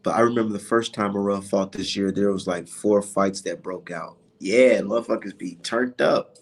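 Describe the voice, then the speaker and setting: Gravelly, profane man telling a story. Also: lowish voice, moderate pace. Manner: profane, animated, slangy. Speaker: boxing vlogger. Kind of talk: casual storytelling rant.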